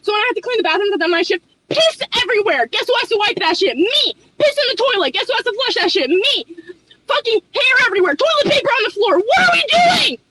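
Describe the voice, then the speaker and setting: A young woman working as a restaurant hostess, ranting fast and profanely in an exasperated storytime vlog. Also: extremely high pitch, expressive, pushed and bright, rough recording.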